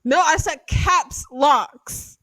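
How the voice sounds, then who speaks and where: A woman's voice: high-pitched, very slow, fairly bright tone, dry recording. A woman podcast co-host improvising a comedic role-play, giggly and profane, often breaking into laughter.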